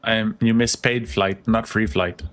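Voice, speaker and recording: A man's voice: lowish voice, fairly even intonation, normal speed, a bit bright. A man streaming a game with friends, teasing them, laughing and swearing in casual chat.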